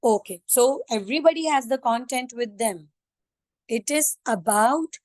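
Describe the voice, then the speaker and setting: A woman teacher lectures her class, her voice pitched a little high. She keeps asking her students questions and mixes in Hindi-Urdu words. The sound is dry, with no room echo. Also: normal speed, a little mellow.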